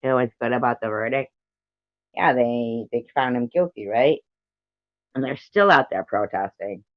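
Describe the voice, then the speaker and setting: American woman, livestream host, rambling chatty delivery, muffled low-fi audio. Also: normal speed, dry recording. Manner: rambling, giggly, reads out viewer comments. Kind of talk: casual livestream chat. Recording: dull lo-fi stream audio.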